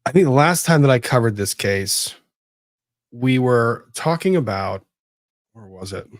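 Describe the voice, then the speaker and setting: A man's voice: mid-range voice, expressive, measured pace, dry recording, studio quality. A man hosting casual legal commentary, talking to himself as he hunts for documents and rambles on. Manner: rambling, talks to himself while searching documents. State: disorganized after moving.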